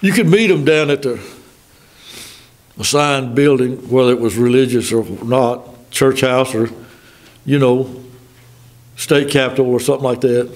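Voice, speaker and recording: An older man with a Southern American accent preaching a sermon in a folksy way, stopping for asides and reading scripture slowly. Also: medium pitch. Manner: folksy, thinking aloud with asides. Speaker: pastor.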